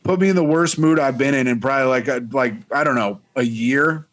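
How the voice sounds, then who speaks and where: A man's voice: mid-range voice, a little fast, a bit bright. A young man co-hosting a casual podcast chat, teasing his friend with dry humor. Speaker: podcast co-host.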